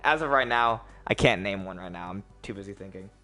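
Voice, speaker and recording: A young man runs a tabletop game as game master, his voice bright and forward. He talks in a loose, rambling way, often clearing his throat. Faint music plays underneath. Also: lowish voice, a little fast.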